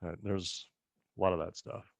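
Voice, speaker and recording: A man's voice: low-pitched, normal speed, gravelly, dry recording. A man telling casual family stories as a ranch co-host, acting out other people's lines as he goes. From rural western United States. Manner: animated storyteller who acts out other people's lines. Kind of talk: casual storytelling chat.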